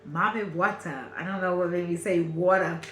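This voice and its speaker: A woman's voice: lowish voice, moderate pace, fairly bright tone, roomy sound, slight background noise. A woman from Brooklyn with a Brooklyn accent, giving a channeled spiritual reading in a repetitive, affirming, emphatic way. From Brooklyn, New York. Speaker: spiritual reader.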